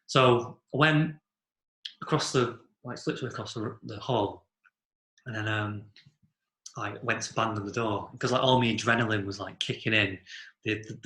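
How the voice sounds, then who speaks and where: Speaking in a lowish voice with a sharp tone, a young man rambles through a story among friends, full of "like" and casual cursing. It's a casual chat, and the recording carries a roomy echo.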